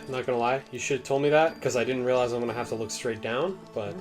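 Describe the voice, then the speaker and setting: Young guy playing a game on a podcast, dry joking gripes, game music going loud underneath. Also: medium pitch, steady tone, fast talker. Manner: wry, mildly complaining banter. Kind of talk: casual chat over gameplay. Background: video game music.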